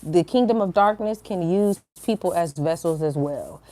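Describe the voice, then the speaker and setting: A woman talks straight to her phone camera at home in a low, full voice, dry and close with no room sound. She tells her story in an animated, chatty way, stumbling over words and slipping into slang. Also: normal speed, dry recording. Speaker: faith vlogger. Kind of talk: casual spiritual vlog storytelling. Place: home, indoors.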